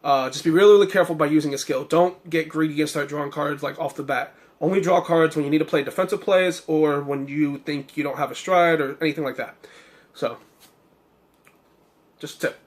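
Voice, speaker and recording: Young male deck reviewer, slightly higher voice, hoarse, rambling casual delivery full of "um" and "uh". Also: steady tone, brisk. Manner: rambling, many fillers and self-corrections. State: slightly hoarse, losing his voice. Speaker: card game deck reviewer.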